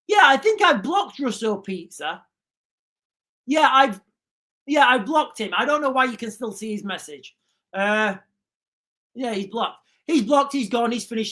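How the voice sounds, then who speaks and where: A British man hosting a livestream, ranting emphatically and repeatedly addressing his viewers as ladies and gentlemen. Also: very high-pitched. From United Kingdom. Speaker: livestream host.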